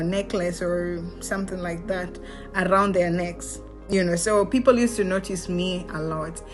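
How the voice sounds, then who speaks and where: A young Kenyan woman telling a personal story in a casual vlog. She is animated, slips into Swahili slang and laughs often. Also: fairly low pitch. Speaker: vlogger.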